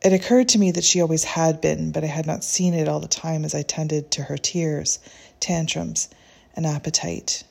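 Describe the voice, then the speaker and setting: Low, gravelly woman reading a story. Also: steady tone, moderate pace, darkish tone. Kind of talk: reflective first-person story narration.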